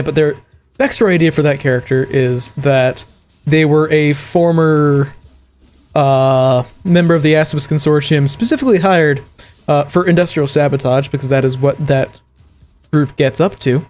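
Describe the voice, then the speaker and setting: Chatty streamer man, a bit high. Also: measured pace, darkish tone. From American South. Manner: rambling and chatty, with frequent laughs and fillers. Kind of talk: casual gameplay chat. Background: faint game music.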